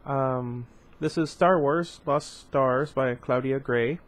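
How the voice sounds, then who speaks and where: A man's voice: mid-range voice, slow. A man with a slight lisp reading a novel aloud, with chatty asides between passages. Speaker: book reader.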